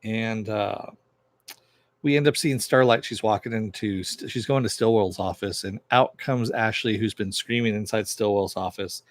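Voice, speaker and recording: A man's voice: fairly low pitch, steady tone, normal speed, dry recording. Guy rambling thru a tv episode recap, lots of uh and you know, dry close sound. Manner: rambling retelling full of fillers. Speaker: TV episode reviewer.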